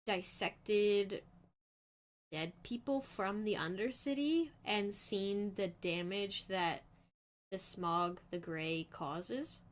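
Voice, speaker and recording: A woman's voice: medium pitch, slow pace. A woman co-hosting a livestream, chatting casually and analytically about a show, with easy laughs. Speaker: stream co-host. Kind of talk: casual reaction chat.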